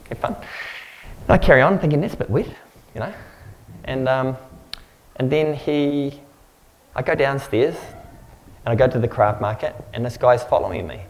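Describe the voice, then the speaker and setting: Kiwi guy preaching in church, middle pitch, rambly and joking about himself. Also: moderate pace, vocal fry, long pauses, slight background noise, low-quality recording. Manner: rambling, conversational, self-mocking storytelling. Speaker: pastor. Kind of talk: sermon with storytelling.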